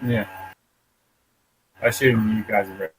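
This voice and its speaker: A man's voice: on the low side, fairly even intonation, measured pace, a bit bright, slight background noise, low-quality recording. A man playing in a tabletop role-playing game, casually asking questions and hesitating with uhs. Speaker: player.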